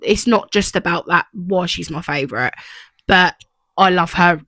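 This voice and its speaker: In an unhurried way, a young podcast co-host with a fairly low, fairly bright voice chats casually. She rambles with lots of fillers, and the recording is dry.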